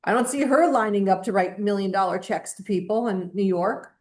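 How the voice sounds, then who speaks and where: A woman's voice: medium pitch, fairly quick, darkish tone. A woman co-hosting a casual opinion chat, talking in a blunt, emphatic, indignant way. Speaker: podcast co-host.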